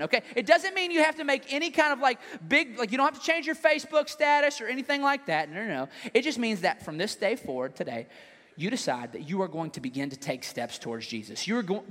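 A male pastor preaching a sermon in an animated, joking way. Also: high voice. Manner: animated, joking, acts out scenes. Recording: long hall reverb.

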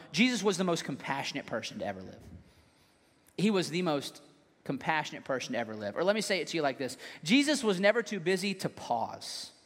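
A male pastor preaching a sermon in an animated, joking way. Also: on the high side. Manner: animated, joking, acts out scenes. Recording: long hall reverb.

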